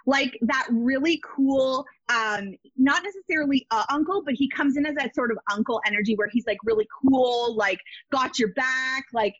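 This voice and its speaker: A woman's voice: high voice, moderate pace, few pauses, fairly bright tone, no room sound. Emphatic psychic woman on a lo-fi call. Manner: emphatic, repeats phrases, many fillers. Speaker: psychic medium guest. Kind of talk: casual psychic reading.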